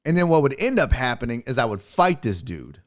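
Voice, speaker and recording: A medium-pitched, sing-song male voice, a little fast, belongs to a podcast host. In a casual storytelling monologue, he tells rambling road-trip stories with profane talk.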